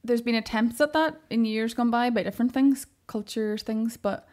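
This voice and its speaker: A woman from Northern Ireland co-hosts a comedy podcast, her voice a little high with a darkish tone at a moderate pace. In casual chat she speaks earnestly and supportively, often talking over her co-host.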